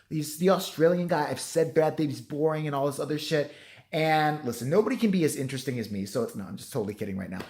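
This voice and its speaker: A man vlogging a rambling, profane apology at home, his voice strained from yelling. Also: fairly high pitch. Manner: profane, rambling, self-deprecating.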